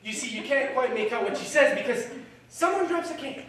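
A man's voice: extremely high pitch, animated, a little fast, very noisy. A young man acting as a lonely musical fan who confides in the audience, live on stage in a theatre. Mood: musing. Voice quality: wistful, confiding direct address. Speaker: stage actor. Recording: echoey theatre from far off.

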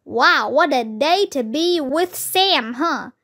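A woman's voice: high voice, lively intonation, takes it slowly, fairly bright tone, heavily acted. A woman voicing a cheerful young girl in a children's book. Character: girl Annie, cheerful and upbeat.

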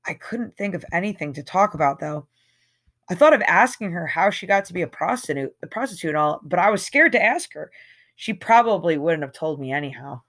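A woman's voice: fairly low pitch, animated, brisk, fairly bright tone. A woman reading a novel aloud in a casual, conversational way, with an occasional slip. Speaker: audiobook reader.

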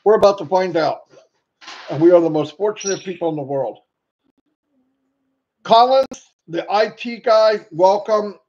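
Excitable man greeting livestream viewers. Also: high-pitched, unhurried, pauses often. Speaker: livestream host. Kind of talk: casual livestream chat. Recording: dull lo-fi sound, faint noise.

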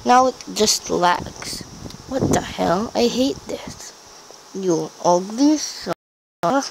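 A man giving excitable, goofy let's-play commentary full of trash talk and sudden yelps. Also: high voice, slow, creaky, noisy background. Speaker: gameplay commentator.

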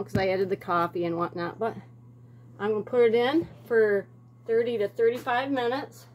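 A woman's voice: on the high side, a little hiss or hum. A woman, talking to herself and her viewers as she bakes in her home kitchen, with rambling asides. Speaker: home cooking vlogger. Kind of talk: casual kitchen chat.

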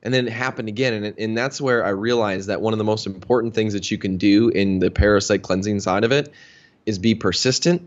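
A man's voice: fairly low pitch, a little fast. A man in his thirties from Minnesota, a guest telling a story in a casual interview and acting out the dialogue. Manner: animated storyteller, acts out quoted dialogue. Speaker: interview guest, health practitioner. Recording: dull lo-fi sound.

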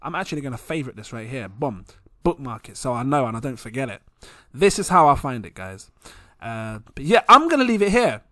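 A man's voice: medium pitch, very animated, brisk, pushed and bright, dry recording, studio quality. A young man hosting his own crypto channel, chatting casually and rambling, often laughing at himself. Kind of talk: casual vlog talk to camera. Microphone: plugged-in desk microphone.

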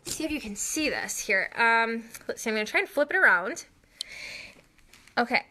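A woman who owns an art studio, excitedly demonstrating a craft technique on a live stream, gasping and delighting at the results. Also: on the high side, moderate pace, long pauses. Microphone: phone or camera on live stream.

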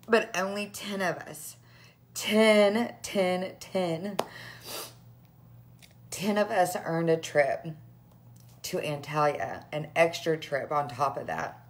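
A woman in her thirties chatting to her followers while teary and crying, laughing through her tears. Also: medium pitch. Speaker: direct sales vlogger. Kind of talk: emotional casual live chat.

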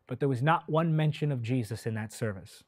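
A man preaching a sermon with passion, speaking directly to his listeners, drawing out key words slowly, swelling loud and then dropping to a hush. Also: mid-range voice, dry recording, clean studio sound. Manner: impassioned, swells loud then drops soft; slow, drawn-out delivery when stressing key words.

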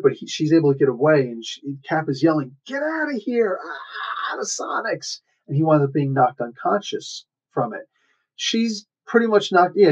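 Chatty man retelling a comic, lo-fi. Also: mid-range voice. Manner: chatty, loose, lots of fillers and quick acted quotes. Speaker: comic book reviewer. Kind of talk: casual retelling of a comic story. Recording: dull lo-fi sound.

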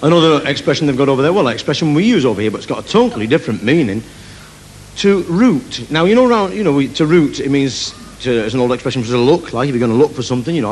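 Animated Mancunian comedian on stage. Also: male voice, fairly high pitch, fast talker. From Manchester, England. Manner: animated, jokey, telling anecdotes with put-on voices. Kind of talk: live stand-up storytelling. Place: large theatre stage. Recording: live theatre recording, faint hiss. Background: audience laughter.

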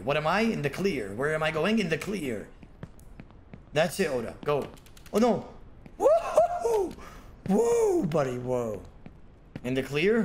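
A man live-streaming a game, talking to himself and to his chat, with sudden bursts of loud yelling and laughter. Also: fairly high pitch, slight background noise.

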